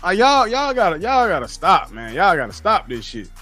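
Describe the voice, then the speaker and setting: On a casual livestream, a high-voiced man answers his chat and lectures bluntly, swearing freely. His pitch swings hugely while his pace stays moderate, and soft music plays faintly beneath him as the streamer reads live chat.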